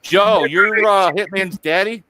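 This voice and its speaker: Man, host, casual stream chat, crude jokes, swearing, bright forceful voice, dry sound. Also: high voice, unhurried, no echo. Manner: crude, profane, joking.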